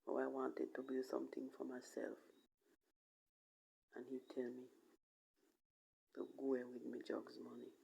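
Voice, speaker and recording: A woman's voice: rumbling low, monotone, unhurried, vocal fry, pauses often, mellow, slightly rough. A Jamaican woman from Jamaica telling her own life story in an emotional vlog, her voice often dropping to a whisper. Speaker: vlogger. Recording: dull lo-fi recording.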